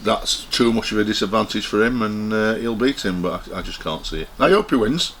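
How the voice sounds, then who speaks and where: A man talking as a guest in a casual chat, measured and hesitant, often restarting his phrases. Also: fairly low pitch, fairly bright tone, slight background noise.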